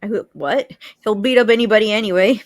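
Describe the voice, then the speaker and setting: A woman co-hosting a casual podcast chat, laughing often and correcting herself mid-sentence. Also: mid-range voice. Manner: chatty, laughs, quick self-corrections. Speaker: podcast co-host.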